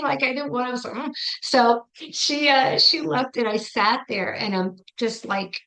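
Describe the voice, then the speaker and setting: A middle-aged woman telling a personal story as an interview guest, animated and acting out her own past reactions. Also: fairly high pitch, moderate pace, rough recording. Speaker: psychic medium guest.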